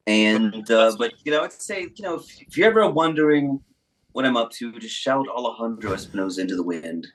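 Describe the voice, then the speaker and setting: A man's voice: mid-range voice, lively intonation, brisk, slight background noise. A man appearing as a guest on a comedy podcast in casual chat. He rambles, hesitates and jokes at his own expense. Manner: rambling, hesitant, self-deprecating.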